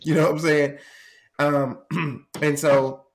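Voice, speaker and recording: A man's voice: a little high, slow pace. A man telling a family story in casual chat, laughing often and acting out the voices of the people in it. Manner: animated, laughing, acts out voices in stories. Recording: noisy background.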